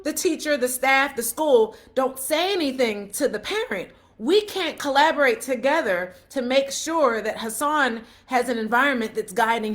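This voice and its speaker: A middle-aged woman with a fairly high voice talks straight to her viewers about working with teachers. She tells stories with energy, acting out what people said. She keeps checking that her listener is following along. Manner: animated storytelling, laughs often, acts out quotes; repeats questions to the listener. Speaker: parent vlogger giving advice. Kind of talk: casual advice talk with retold anecdotes.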